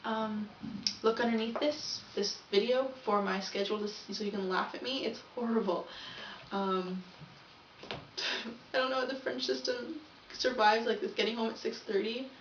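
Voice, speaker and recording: A young woman vlogger, her voice fairly high and her pace normal, rambles through a casual video diary, chatty and often correcting herself. She's recorded from a distance, off the mic, so the sound is echoey and dull with a little hiss or hum.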